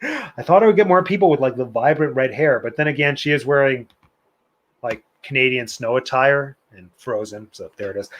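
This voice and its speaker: A man's voice: mid-range voice, slight background noise. A man hosting a live online trivia night, reading out questions and answers in a chatty, playful way with opinionated asides. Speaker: trivia host.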